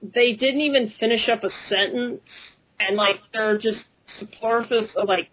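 On lo-fi, dull audio with slight background noise, a female podcast co-host chats casually at normal speed, her speech full of fillers. Her voice is on the high side.

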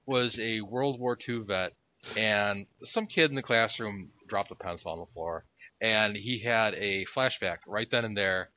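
Blunt low-voiced male co-host. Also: sharp tone. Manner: blunt, storytelling. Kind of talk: casual chat. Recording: dull lo-fi podcast audio.

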